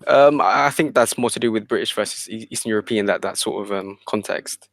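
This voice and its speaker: A man's voice: fairly low pitch, a little fast, creaky, a bit bright, dry recording. A man in a casual podcast discussion, stating his view in a careful, hedging way.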